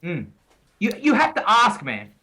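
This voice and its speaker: Man, podcast co-host, casual chat, bright sharp tone, repeats phrases for emphasis. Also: high voice, wildly swooping pitch, a little slow, low-quality recording. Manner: pep-talk delivery, repeats key phrases for emphasis.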